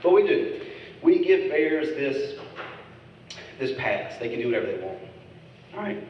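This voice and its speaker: A male stand-up comedian works the crowd with crude, teasing bits, his ordinary mid-pitched voice sing-song and measured. The recording sounds dull and slightly muffled, captured from far off in a long-echoing club with faint noise behind it.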